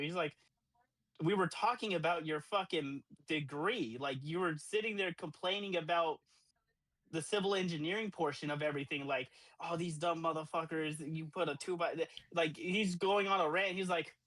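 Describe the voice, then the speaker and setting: A young man in his twenties, co-hosting a podcast and telling a profane, animated party story with acted-out quotes. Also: fairly high pitch, moderate pace, no echo, poor audio. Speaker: podcast co-host. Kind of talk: casual storytelling.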